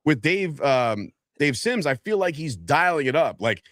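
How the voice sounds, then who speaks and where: A man's voice: a little high, big pitch swings, measured pace, a bit bright, no echo, clean studio sound. A man co-hosting a casual sports podcast, opinionated and swearing casually. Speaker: podcast co-host.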